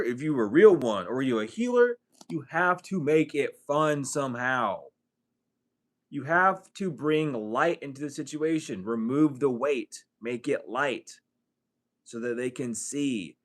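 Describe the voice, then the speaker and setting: A man talking straight to camera in a casual, profane spiritual vlog, animated and laughing between thoughts. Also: medium pitch. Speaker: tarot reader and healer.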